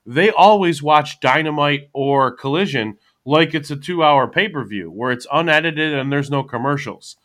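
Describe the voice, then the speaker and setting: A man's voice: fairly high pitch, moderate pace, hardly any pauses, fairly bright tone. A man hosting a casual podcast chat, rambling and thinking aloud as he talks. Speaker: podcast host.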